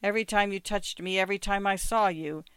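A woman reading the part of a rueful, teasing former lover in a story, with a smooth, dry voice. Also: medium pitch, fairly quick, dry recording, lightly acted. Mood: wistful.

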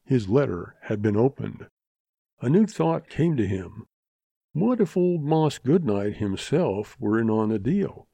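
A man narrating a western story in a steady audiobook reading. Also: medium pitch, vocal fry, no room sound.

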